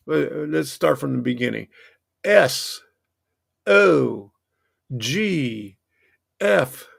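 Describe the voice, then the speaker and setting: Slow, gravelly-voiced man chatting casually. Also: medium pitch, no room sound, studio quality. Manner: rambling, chatty, self-interrupting. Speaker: host of a model train channel. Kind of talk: casual livestream chat.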